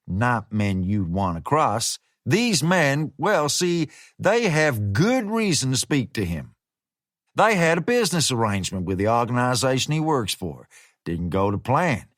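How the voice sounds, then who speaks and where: A man's voice: mid-range voice, no echo, studio quality. A man doing a slangy hired fixer. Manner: laid-back, slangy, quietly threatening. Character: menacing American male hired fixer, slangy.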